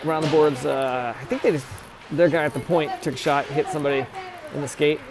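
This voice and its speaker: A man's voice: on the high side, steady tone, brisk, crowd noise. A man giving casual play-by-play of a youth hockey game, chatty and often correcting himself on player names. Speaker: amateur play-by-play commentator. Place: ice rink.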